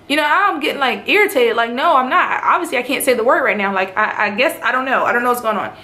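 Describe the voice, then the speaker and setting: A woman from North Carolina, a nurse in officer training, telling her story in a casual vlog. She talks in an animated way and acts out the lines other people said to her. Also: a little high, fast talker, hardly any pauses. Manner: animated retelling, acts out quoted speech. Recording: roomy echo, faint background noise.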